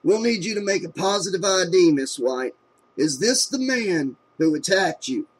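A man voicing a gruff, matter-of-fact old police chief. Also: high-pitched, animated, moderate pace, pitched above the performer's own voice, poor audio. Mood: businesslike.

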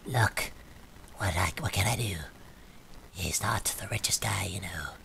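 A man voicing a game character in a low, gravelly whisper. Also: a little slow, bright, forceful tone, slight background noise, heavily acted. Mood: hushed.

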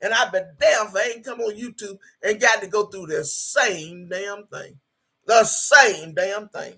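A woman's voice: medium pitch, a little slow, fairly bright tone, breathy edge. A woman in her sixties on a livestream, reading viewer comments aloud and preaching emphatically, repeating her phrases. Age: 60s. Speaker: livestreaming YouTuber.

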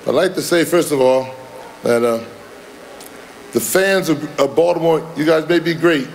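A man's voice: a little high, normal speed, vocal fry. A man in his seventies giving a Hall of Fame induction speech in a folksy, rambling manner, chuckling at his own jokes. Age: 70s. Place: large hall with audience.

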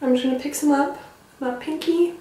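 A woman's voice: sits high, a little fast, dark tone. A young woman giving a chatty makeup tutorial, rambling along and teasing herself. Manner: rambling, self-teasing, filler-heavy. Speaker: beauty vlogger. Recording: echoey room, mic at a distance.

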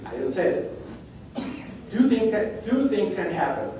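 A man with a high but mellow voice delivers a keynote to a conference audience. He tells an anecdote in a relaxed, conversational way and slips into the voices of the people in it. The sound carries a heavy hall echo from a distant mic with faint background noise. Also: slow pace. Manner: anecdotal, acts out dialogue. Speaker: keynote speaker.

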